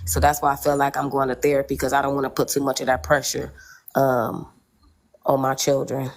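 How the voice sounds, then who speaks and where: Low-voiced candid woman telling stories. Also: completely flat delivery, a little fast. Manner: candid, storytelling, slangy, repeats "you know what I'm saying". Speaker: podcast panelist. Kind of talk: casual chat.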